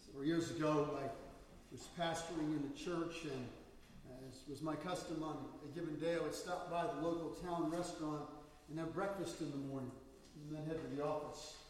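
High-voiced pastor in an echoey hall. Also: male voice, moderate pace, recorded from a distance, slight background noise. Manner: storytelling, animated quoting of people. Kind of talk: sermon. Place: church sanctuary.

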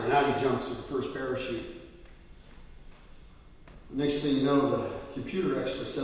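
Pastor preaching in an echoey hall. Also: male voice, medium pitch, steady tone, moderate pace, long pauses. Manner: conversational storytelling with fillers. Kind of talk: sermon. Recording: echoey church hall from far off.

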